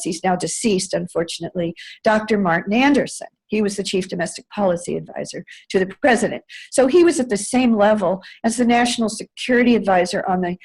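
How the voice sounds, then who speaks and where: In conversational storytelling, a former White House staffer, an older woman from the US, works through a lengthy tale with frequent fillers and corrections of herself. Her medium-pitched voice is a little mellow, and the recording quality is low.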